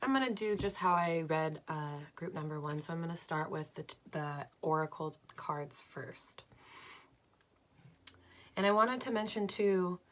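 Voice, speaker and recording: A young woman reading tarot cards for her viewers at home, slow and dreamy but enthusiastic, with lots of "like"s. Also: fairly low pitch. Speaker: tarot card reader. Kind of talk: pick-a-card tarot reading.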